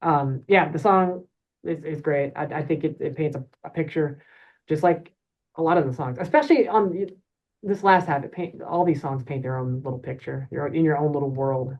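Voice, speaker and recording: An animated, chatty man co-hosts a casual music podcast, jumping in with quick reactions. The recording of his voice is dull and lo-fi. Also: on the high side. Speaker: podcast co-host, band member. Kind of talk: casual album discussion.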